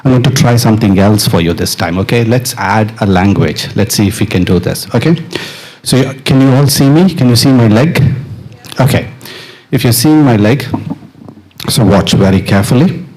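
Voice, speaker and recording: A man's voice: fairly low pitch, animated, moderate pace, darkish tone. Playful man leading a crowd on stage. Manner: playful, encouraging, laughs often. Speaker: percussionist leading an audience exercise. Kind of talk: live stage talk with audience participation. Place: stage of a live dance performance. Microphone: stage mic.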